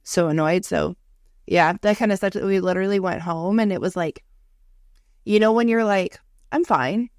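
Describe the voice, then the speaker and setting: A woman's voice: lowish voice, fairly even intonation, normal speed, darkish tone, no room sound, studio quality. A woman in her thirties co-hosting a podcast, telling stories in a casual, chatty way with quoted asides. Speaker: podcast co-host. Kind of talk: casual chat.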